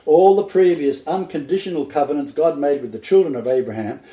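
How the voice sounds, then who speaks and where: A man's voice: a little high, fairly quick. A man preaching a sermon, reading scripture aloud and stressing his key points with repetition. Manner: emphatic, repeats key points. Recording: roomy, dull lo-fi recording.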